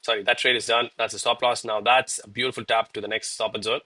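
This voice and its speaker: A man's voice: mid-range voice, little pitch movement, fast talker, sharp tone. A man in his thirties chatting casually to viewers while streaming, calling them bro and man, a little out of breath from exercising. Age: 30s. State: out of breath between push-ups. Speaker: live trading streamer. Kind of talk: live-stream commentary and chat.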